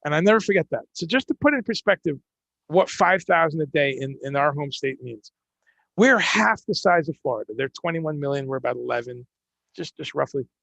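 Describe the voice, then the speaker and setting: Chatty male host, gravelly and slightly high, dry close mic. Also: a little fast, no echo. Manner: animated, chatty, many restarts. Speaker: podcast host. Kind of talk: casual interview chat.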